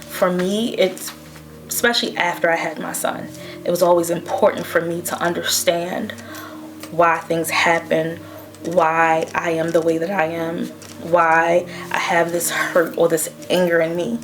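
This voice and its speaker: Reflective woman with a flat low voice. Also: a little hiss or hum. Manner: slow, reflective. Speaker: guest sharing her story. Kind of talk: personal testimony.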